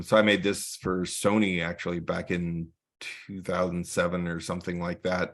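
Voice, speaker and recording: A man giving a casual talk as a photographer, telling stories and acting out the dialogue. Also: low-pitched. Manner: storytelling with acted-out dialogue. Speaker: guest speaker, photographer. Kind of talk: casual presentation.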